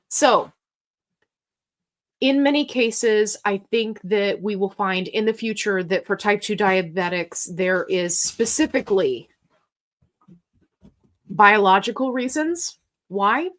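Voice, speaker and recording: Chatty woman hosting a live Q&A. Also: mid-range voice. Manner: chatty and upbeat, reads viewer comments aloud. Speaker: livestream host answering viewer questions. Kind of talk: casual live Q&A chat.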